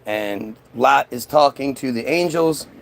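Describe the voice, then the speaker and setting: A man's voice: mid-range voice, measured pace, creaky. A man telling a comic story in a loose, rambling way, full of swearing and asides.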